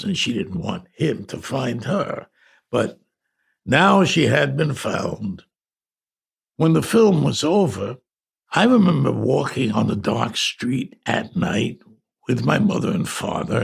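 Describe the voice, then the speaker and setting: An older New man reads his memoir aloud in a deeply gravelly, husky voice. He drifts back through memories with halting restarts and casual asides. His pitch rises and falls a lot. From New York. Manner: reflective, halting, with conversational asides. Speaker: memoir narrator. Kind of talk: audiobook memoir narration.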